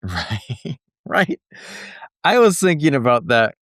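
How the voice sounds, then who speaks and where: A man's voice: medium pitch, wildly swooping pitch, takes it slowly, a bit bright, dry recording, studio quality. A man hosting a podcast interview, laid-back and laughing often as he retells everyday moments. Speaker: podcast host. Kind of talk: conversational interview.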